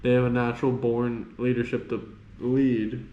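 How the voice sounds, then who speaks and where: A man's voice: mid-range voice, level tone, normal speed, highs cut off, a little hiss or hum. A man reacting to political clips with blunt, scornful casual commentary as the host.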